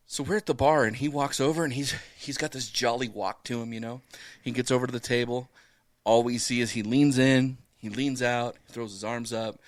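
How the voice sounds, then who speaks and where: A man co-hosting a podcast, telling a bar story in a relaxed way and laughing often. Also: on the low side, no room sound. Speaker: podcast co-host. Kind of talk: casual podcast banter.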